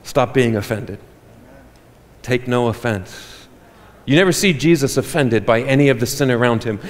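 A man preaches a sermon to his congregation, animated and quick to joke. His voice sits at an ordinary pitch for a man. A long reverb trails each phrase around the church hall. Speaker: pastor.

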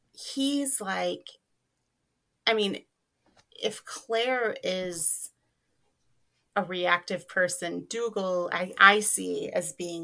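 A woman's voice: on the low side, gravelly, sharp tone. A woman co-hosting a podcast, chatting casually and thoughtfully with frequent fillers and hedges. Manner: thoughtful, hedging with many fillers. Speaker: podcast co-host. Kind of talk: casual fan discussion.

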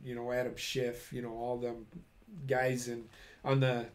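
A man's voice: medium pitch, monotone, a little slow, crowd noise. A man, an army veteran, telling a long story in casual, profane chat, acting out other people's words. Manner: profane, rambling, acts out quoted people.

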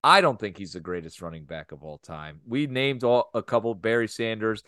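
A man's voice: fairly low pitch, expressive, normal speed, bright, forceful tone, no echo, clean studio sound. A man co-hosting a casual podcast, telling a heated story with lots of swearing. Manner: heated, profane anecdote telling. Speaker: podcast co-host.

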